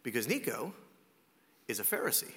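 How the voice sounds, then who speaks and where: A male pastor preaching a sermon, telling the story in an animated, conversational way with rhetorical questions. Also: medium pitch, moderate pace. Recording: echoey hall reverb.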